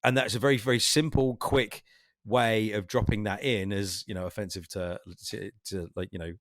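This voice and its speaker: A man's voice: lowish voice, fairly even intonation, normal speed, no echo, studio quality. A man co-hosting a podcast, chatting casually and rambling, swearing and acting out quotes. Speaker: podcast co-host. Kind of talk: casual chat.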